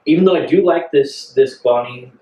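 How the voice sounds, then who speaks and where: A man co-hosting a casual beer-tasting chat, explaining his tastes in a measured way. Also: mid-range voice, dark tone. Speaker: podcast co-host. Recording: echoey room, mic far off.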